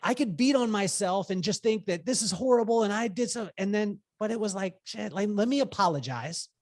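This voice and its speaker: A man's voice: high voice, lively intonation, fairly quick, a little mellow, dry recording, studio quality. A man in his forties from Southern California, a podcast guest who tells stories with energy, laughs often, swears casually and acts out quotes. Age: 40s. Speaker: podcast guest, business coach. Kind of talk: animated storytelling conversation.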